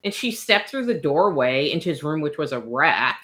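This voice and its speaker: A woman co-hosting a casual chat, recapping a book with animated storytelling and reading passages aloud. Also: deep voice, moderate pace.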